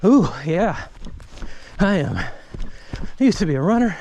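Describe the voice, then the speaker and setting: A man's voice: high voice, very animated, slow pace, a little mellow, slight background noise. A man talking candidly and reflectively into a handheld phone on an outdoor nature trail, spurring himself on as he walks and jogs. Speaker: bereaved father vlogging. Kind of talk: candid walking-and-jogging vlog.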